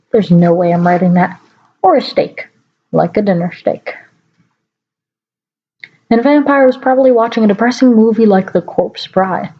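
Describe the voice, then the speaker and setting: A woman's voice: on the high side, muffled recording. A woman giving a mock-dramatic reading aloud, stopping now and then for wry asides, recorded at home on a laptop mic. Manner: mock-dramatic, breaks off to comment wryly. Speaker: reader.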